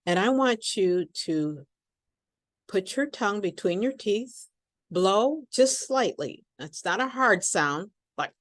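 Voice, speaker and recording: Slow, carefully enunciating woman teacher. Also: medium pitch, expressive, a bit bright, no room sound, studio quality. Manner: slow, deliberate over-enunciation. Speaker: accent and pronunciation teacher. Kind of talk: pronunciation lesson with repeat-after-me drills.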